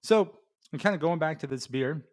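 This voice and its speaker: A man's voice: a little high, lively intonation, normal speed, darkish tone. A middle-aged man hosting a beer review show, telling a casual story full of fillers and restarts before giving his rating. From Florida. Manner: rambling with many fillers and restarts.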